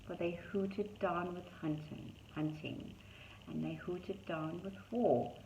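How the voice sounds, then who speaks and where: A woman's voice: on the low side, steady tone, slow pace, darkish tone, slight background noise. A woman reading a rhyming picture book aloud to young children, in a sing-song rhythm with chatty asides about the pictures. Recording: dull echoey room.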